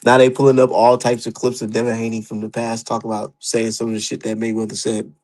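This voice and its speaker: A young adult man giving profane, heated, animated commentary as a boxing streamer. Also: medium pitch, fast talker, rough recording. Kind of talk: casual ranting commentary.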